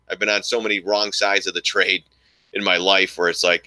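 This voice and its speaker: A man's voice: on the low side, steady tone, fairly quick, pushed and bright, clear, resonant tone, no echo. A man giving casual live commentary on his stock trades, rambling and thinking aloud as he talks to his viewers. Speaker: stock trading streamer.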